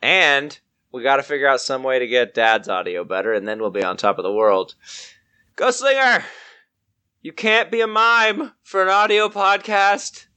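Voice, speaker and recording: A man's voice: mid-range voice, big pitch swings, normal speed, bright, forceful tone, clear, resonant tone. A man acting as game master, tired and joking as he narrates the game casually.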